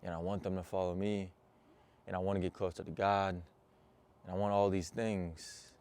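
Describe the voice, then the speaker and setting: A young motivational coach talks straight to his viewers with earnest intensity in a personal to-camera talk. His voice is deep and a little mellow.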